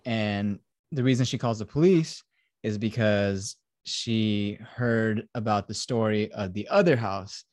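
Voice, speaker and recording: A man's voice: lowish voice, a little slow, a little mellow, no room sound. A young man hosting a podcast, rambling and swearing as he retells a film plot in casual chat. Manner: profane, rambling storyteller. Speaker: podcast host.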